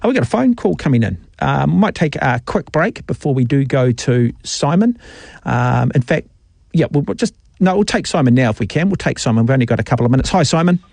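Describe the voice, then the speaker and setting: A man's voice: medium pitch, lively intonation, fairly quick, vocal fry, a little mellow, no echo. A male sports talkback radio host, teasing listeners and giving strong opinions in a jokey way. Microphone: studio mic.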